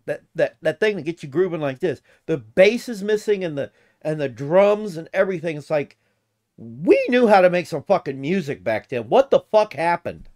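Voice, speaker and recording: A man's voice: a little high, expressive, moderate pace, darkish tone. Profane, rambling American man. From United States. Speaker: reaction video host. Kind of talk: casual reaction commentary.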